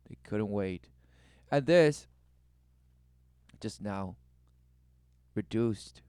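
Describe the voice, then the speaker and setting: Man commentator, mocking and preachy, smooth resonant mid voice, dry close sound. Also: fairly low pitch, expressive, very slow, pauses often, darkish tone, no room sound. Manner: mocking, exclamatory, rhetorical questions. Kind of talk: religious commentary over video clips.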